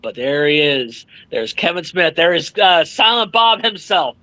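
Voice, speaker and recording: Animated high-voiced man telling stories. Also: measured pace, dry recording, low-quality recording. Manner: swears freely, acts out others' lines. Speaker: author guest. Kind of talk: animated storytelling in casual chat.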